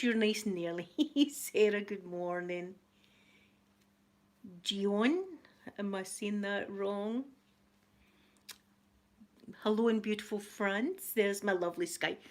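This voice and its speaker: A middle-aged Scottish woman hosting a casual live-stream chat, greeting viewers by name and laughing often. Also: mid-range voice. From Scotland. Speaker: YouTube channel host.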